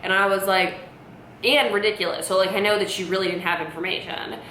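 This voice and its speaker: A woman in her late twenties with a bright, forward voice rambles through a storytime vlog, peppering every sentence with "like." The room is echoey, and a faint hum sits underneath. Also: medium pitch, brisk. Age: late 20s. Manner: rambling, many "like" fillers, animated retelling. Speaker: vlogger. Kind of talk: casual storytime monologue.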